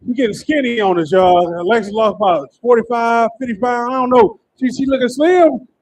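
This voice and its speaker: A man hosting a stand-up comedy show, doing crowd work and joking loudly between acts. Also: very high-pitched, fairly quick, slight background noise. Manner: loud, laughing, banters with the crowd.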